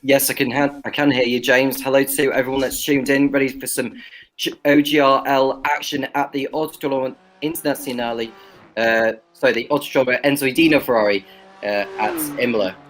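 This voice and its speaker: A man's voice: medium pitch, steady tone, brisk, fairly bright tone. Informative male co-commentator, mid voice. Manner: informative, slightly stumbling. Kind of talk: sim racing commentary.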